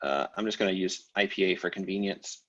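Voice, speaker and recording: A man teaching a language class over a video call, explaining grammar in a relaxed way with many fillers and restarts. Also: low-pitched, brisk, highs cut off. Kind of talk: online class lecture.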